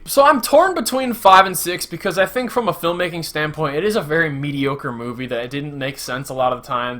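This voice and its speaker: A young man reviews a movie in a loose, chatty way, his voice sitting a bit high and sounding bright and forceful. He is sarcastic and breaks into loud, acted-out quotes. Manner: chatty, sarcastic, acts out quotes in sudden shouts. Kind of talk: casual spoken movie review.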